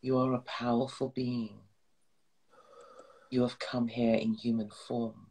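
A man leading a slow, solemn guided prayer and meditation, soothing and at times dropping to a whisper. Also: medium pitch, level tone, creaky, darkish tone, husky, low-quality recording. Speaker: spiritual guide.

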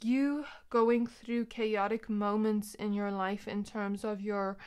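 A woman's voice: mid-range voice, level tone, slow pace, a little mellow, smooth. A young woman giving a pick-a-card tarot reading, talking in a loose, rambling way with many fillers. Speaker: tarot reader.

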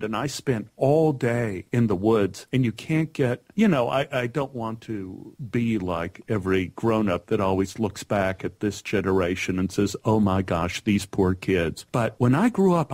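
A man in his fifties from Texas with a Texas accent tinged by Pennsylvania, telling stories as a guest in an interview, lively and laughing often. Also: medium pitch, no echo. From Dallas, Texas. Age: 50s. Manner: animated storyteller who laughs and repeats words. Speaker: guest actor. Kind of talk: storytelling interview.

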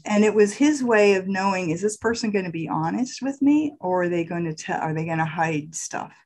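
Soft-spoken middle-aged woman telling stories. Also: a little fast, rough recording. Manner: animated, acts out quotes with big pitch jumps. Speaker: guest sharing her spiritual path. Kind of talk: casual storytelling in an interview.

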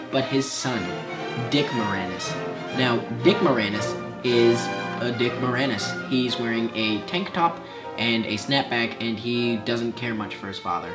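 A young man in a comedy group, pitching a silly story in casual chat with bursts of squeaky shouting. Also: moderate pace, echoey room, over loud music. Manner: animated storyteller with sudden squeaky outbursts.

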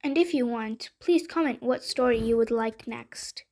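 A woman reads a bedtime story aloud in a gentle, unhurried storytelling manner. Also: fairly high pitch.

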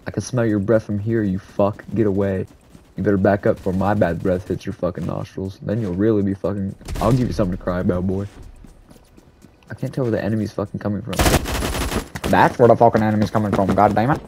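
A fairly low-voiced man commentates on his gameplay, rambling sarcastically and swearing freely. He breaks into sudden yells. Loud game gunfire and shots run under his voice. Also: steady tone, quick pace, background noise. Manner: profane, sarcastic rambling with sudden yelled outbursts. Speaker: gaming commentator.

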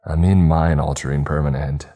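A blunt, matter-of-fact man giving grim instructions in a storybook horror tale, read by a male narrator. The voice sits extremely low and dark, with faint music underneath. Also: fairly even intonation, normal speed.

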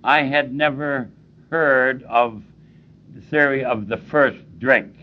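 A man's voice: medium pitch, takes it slowly. An older man speaking at a recovery meeting, plainspoken and emphatic, repeating key phrases for stress. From Cleveland, US. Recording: dull lo-fi tape recording.

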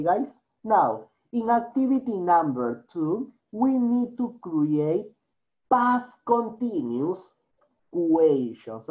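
A man's voice: high voice, a little mellow. A teacher with a Latin American Spanish accent, speaking English as a second language, coaxing his class through a grammar lesson, repeating answers and slipping into Spanish. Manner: repeats and coaxes students, mixes in Spanish. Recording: dull lo-fi recording.

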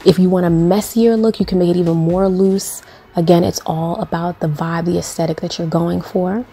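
A woman's voice: fairly low pitch, fairly even intonation, moderate pace, mellow, breathy edge. A young woman talking through a hair tutorial in a sassy, playful, chatty way. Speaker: beauty vlogger.

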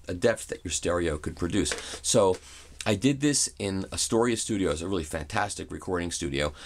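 A middle-aged man casually telling an amused anecdote, with frequent restarts. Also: low-pitched. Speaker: audio reviewer and vlogger. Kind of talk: casual storytelling.

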